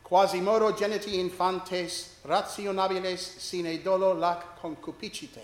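A man's voice: sits high, measured pace, roomy sound. A man preaching a sermon as a priest, telling a story with wry, self-deprecating humor.

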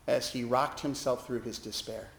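A man's voice: medium pitch, moderate pace, vocal fry, echoey room, slight background noise. A male pastor preaching a sermon, telling a hospital story and acting out the voices in it. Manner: expressive, acting out quoted voices. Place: church sanctuary.

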